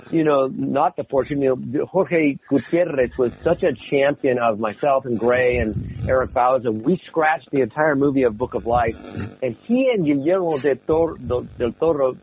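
A man, a voice actor from the United States, chatting in an interview and telling lively stories about his roles. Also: mid-range voice, measured pace, highs cut off, a little hiss or hum. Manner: animated storyteller, jumps into character voices. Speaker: voice actor guest. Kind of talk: casual interview chat.

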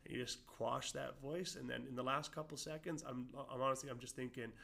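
A man's voice: mid-range voice, steady tone, fairly quick, creaky, bright, forceful tone. A man, an amateur boxer giving casual interview answers, full of fillers and restarts. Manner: rambling, many fillers and restarts.

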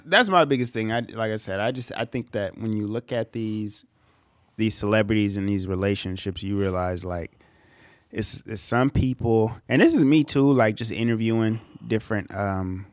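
A man co-hosting a casual podcast, talking in a relaxed way with many fillers. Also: fairly low pitch, moderate pace, no room sound, studio quality. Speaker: podcast co-host. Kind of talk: casual chat.

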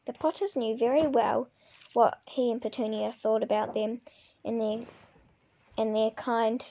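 Gravelly woman reading a novel aloud. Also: a little high, steady tone, a little slow, dark tone, muffled recording, slight background noise. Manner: unpolished reading with restarts. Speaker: reader.

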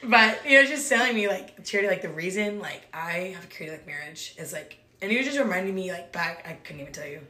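A woman's voice: lowish voice, expressive, fast, hardly any pauses, bright, forceful tone, slight background noise. A woman who leads a small group, chatting casually about faith, rambling, filling with "like" and laughing often. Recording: roomy echo.

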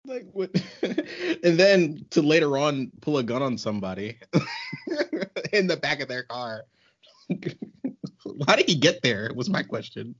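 Guy cohosting a podcast, laughs a lot, voice bouncing all over, kinda higher, muffled lo-fi sound. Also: measured pace, pauses often, breathy edge. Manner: laughs often, animated and exasperated. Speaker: podcast co-host. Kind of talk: casual chat.

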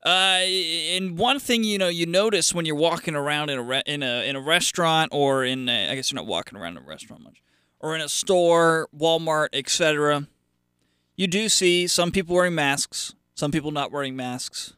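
A male radio host talking off the cuff in a bright, crisp voice, sarcastic and rambling. His speech is full of fillers and restarts. The sound is close and dry. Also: fairly high pitch, moderate pace, no echo. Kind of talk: casual solo radio monologue.

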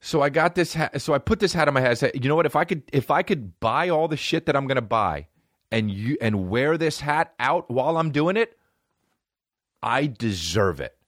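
Podcast host, male, forties: rambling profane storyteller, very lively pitch, dry close mic. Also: moderate pace, no echo. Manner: rambling, profane, jumps between tangents. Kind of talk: solo comedic podcast rant.

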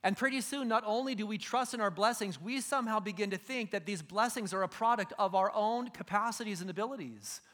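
A man's voice: high voice, fairly quick, hardly any pauses, a bit bright. A middle-aged man preaching a sermon, retelling Bible stories in casual slang and acting out the figures. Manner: casual storytelling, acts out biblical figures in slang. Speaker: pastor.

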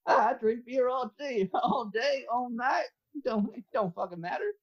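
A man's voice: very high voice, lively intonation, measured pace, highs cut off, voice pushed up, full character voice. A man playing a brash, beer-loving Southern man with a put-on Southern drawl, chuckling and boastful. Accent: put-on American Southern.

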